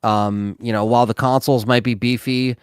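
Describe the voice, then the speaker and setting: A man co-hosting a gaming podcast, talking in a measured, hesitant way with many fillers. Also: mid-range voice, steady tone, smooth, no echo, clean studio sound. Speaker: podcast co-host. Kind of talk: casual gaming podcast chat.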